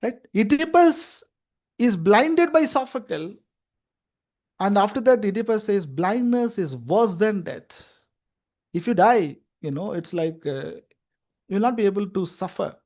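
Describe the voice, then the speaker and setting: A man's voice: sits high, animated, normal speed, a little mellow. A man with a Tamil English accent giving a university lecture, with many restarts and frequent "right?" and "you know".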